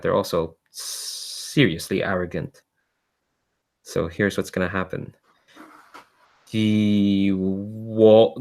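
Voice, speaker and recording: Slow, low-voiced male game master. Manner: relaxed, hesitant with fillers. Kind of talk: narrating a tabletop game.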